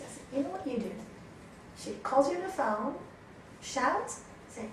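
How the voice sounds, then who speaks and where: A woman's voice: sits high, moderate pace, slight background noise. A woman yoga teacher telling stories to her class and acting out the people in them. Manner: animated storytelling, acting out quoted people. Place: teaching room. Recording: echoey room from a distance.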